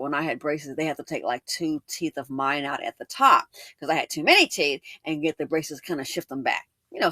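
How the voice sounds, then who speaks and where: A woman's voice: low-pitched, bright, forceful tone, dry recording. A woman host telling a storytime in casual, emphatic commentary, often repeating lines for effect.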